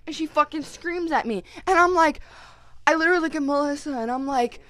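A woman's voice: high voice, fairly quick, no echo. A woman co-hosting a podcast, ranting in casual chat with heavy swearing and quoted voices. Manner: profane, animated storytelling with quoted voices. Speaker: podcast co-host.

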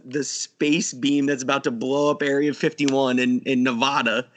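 Laughing, excitable man on a podcast. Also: mid-range voice, moderate pace, hardly any pauses. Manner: enthusiastic storyteller, laughs often, swears casually. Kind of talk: casual chat.

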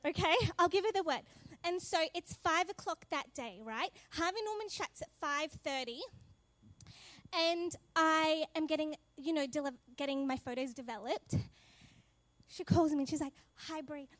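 A high-voiced woman tells a personal faith story with plenty of energy, acting out each conversation. The sound is dry and close, with no room around her. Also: moderate pace, dry recording. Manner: lively storyteller, acts out dialogue, laughs often. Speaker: speaker sharing a testimony. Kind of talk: animated personal testimony.

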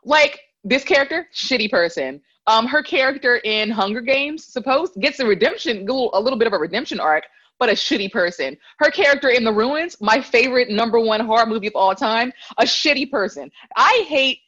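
A woman's voice: a little high, expressive, fairly quick, hardly any pauses, fairly bright tone. Sarcastic woman reviewing movies, lo-fi sound. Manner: sarcastic, laughs often, reads from notes. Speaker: podcast co-host. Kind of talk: casual movie review chat.

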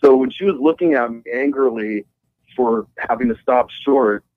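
A man's voice: medium pitch, normal speed, no room sound. A man, a guitarist calling in as a guest, telling a story in a rambling casual way, swearing freely and laughing along. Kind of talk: casual storytelling over the phone. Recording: muffled call-in phone line.

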